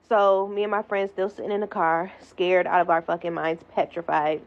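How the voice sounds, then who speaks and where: A young woman telling a wild storytime in an animated, profane manner, acting out the voices she quotes. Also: lowish voice, fairly quick, few pauses. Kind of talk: storytime monologue. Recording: slightly dull lo-fi audio.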